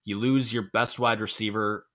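A man with a slightly low, bright, forceful voice hosts a casual sports talk podcast. He rambles and corrects himself, tossing in joking asides as he talks over a remote call. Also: steady tone, normal speed. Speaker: podcast host.

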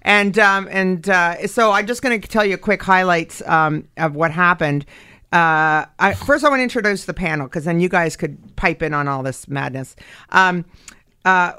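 Radio host lady, chatty and self-mocking, smooth clear voice, dry studio mic. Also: on the low side, moderate pace, bright, forceful tone, no echo. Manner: chatty, self-deprecating storytelling with fillers. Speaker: radio talk show host. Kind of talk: casual chat. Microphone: studio microphone.

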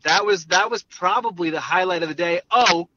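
A man's voice: high-pitched, bright, forceful tone, lo-fi sound. Jersey-raised man calling in from his car. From New Jersey. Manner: chatty, joking, halting restarts. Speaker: baseball reporter guest. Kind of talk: casual podcast chat. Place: in a car, driving.

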